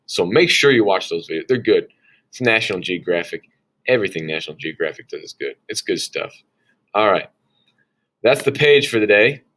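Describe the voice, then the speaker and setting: Relaxed low-voiced male teacher. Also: moderate pace. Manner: casual and chatty, with frequent "all right?" check-ins; folksy asides. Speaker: science teacher. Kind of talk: recorded lesson walk-through.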